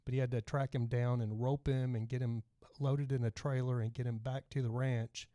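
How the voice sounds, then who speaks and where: A middle-aged Texan man with a gentle twang rambles casually through a livestream podcast, reading viewer comments aloud. His mid-range voice is mellow and dark, fairly flat in pitch, at a normal speed. The recording is dry and close, with no room echo.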